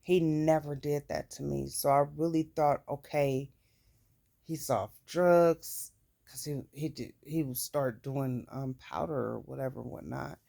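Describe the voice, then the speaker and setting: A woman's voice: rumbling low, steady tone, moderate pace, vocal fry, hardly any pauses, mellow. A woman recounting her own life story in a candid, plain-spoken way, with casual swearing. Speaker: vlogger. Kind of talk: personal storytelling.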